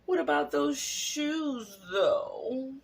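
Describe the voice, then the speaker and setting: A speaker mimicking a sugary, falsely sweet female good witch in a gushing, drawn-out voice. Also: high voice, animated, gravelly, pitched above the performer's own voice, exaggerated voice. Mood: fake sweet.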